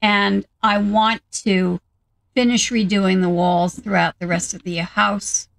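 A woman's voice: medium pitch, fairly even intonation, takes it slowly, gravelly, low-quality recording. A woman hosting a gaming video, chatting casually and thinking aloud as she plays. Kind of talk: casual game commentary.

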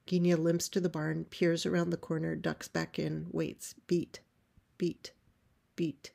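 Low, gravelly woman reading stage directions. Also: little pitch movement, a little mellow. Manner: measured, descriptive. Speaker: playwright reading her script.

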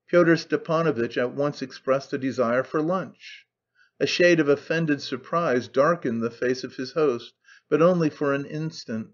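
Man reading an old novel aloud, measured and even, kinda muffled low-fi recording. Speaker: audiobook narrator. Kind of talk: scripted narration. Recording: dull lo-fi recording.

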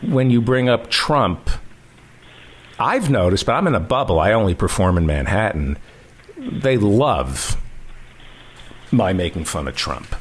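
A man's voice: fairly low pitch, very animated, measured pace, long pauses, husky. A man hosting a casual interview, asking teasing, provocative questions. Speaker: podcast host.

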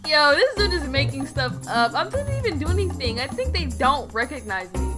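A woman's voice: high-pitched, sing-song, a little fast, few pauses. A woman narrating her roleplay game with indignant, dramatic reactions, talking to viewers, over game music. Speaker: gaming video narrator.

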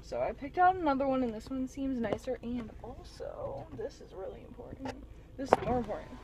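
High-voiced young woman vlogging. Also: a little fast, very noisy. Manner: panicky and frantic with her pets, flat and tired when recapping. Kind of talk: casual vlog talk to camera.

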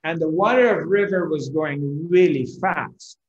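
A man's voice: a little high, unhurried, reverberant, dull audio. A man giving a spiritual discourse, telling a story animatedly and acting out the characters. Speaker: spiritual teacher.

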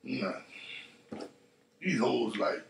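A man hosting a podcast, telling a story in a profane, animated way and acting out the voices of the people in it. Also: fairly low pitch, drawn-out words, vocal fry, roomy sound, slight background noise. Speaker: podcast host. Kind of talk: casual storytelling monologue.

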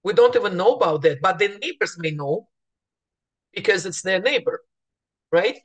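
A woman's voice: mid-range voice, expressive, moderate pace. A woman real estate agent speaking to fellow agents in a morning voice, telling stories chattily with restarts and acted-out bits of dialogue. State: morning voice, clearing throat.

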